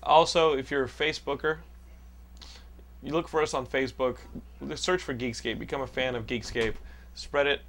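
A man's voice: mid-range voice, fairly even intonation, normal speed, pauses often, a bit bright, a little hiss or hum. A man hosting a casual podcast, joking around, laughing often and swearing freely. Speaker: podcast host.

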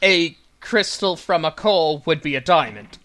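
A man's voice: a little high, animated, unhurried, pushed and bright, faint music behind. A tired man co-hosting a casual podcast chat, silly and jokey. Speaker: podcast co-host.

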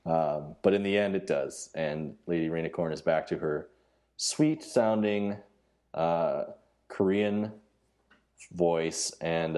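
Low, mellow-voiced man in casual chat. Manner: halting, many restarts and fillers. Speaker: podcast co-host.

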